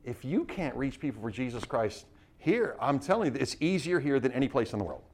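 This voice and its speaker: A man preaching to a missionary class, urging his listeners with rapid rhetorical questions and frequent restarts. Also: medium pitch, very animated, a little mellow. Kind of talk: sermon-style teaching.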